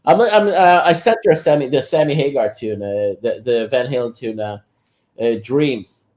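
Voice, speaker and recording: Male guest, casual talk, halting delivery, warm dark tone. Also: medium pitch. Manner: halting, many fillers and restarts. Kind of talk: casual chat.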